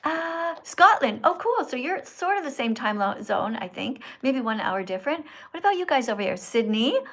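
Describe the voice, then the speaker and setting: A woman hosts a live stream from a phone in a preachy, teacherly manner. Her voice sits a little high. She speaks earnestly and addresses the viewers directly. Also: big pitch swings, moderate pace. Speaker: livestream host. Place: indoors in Italy.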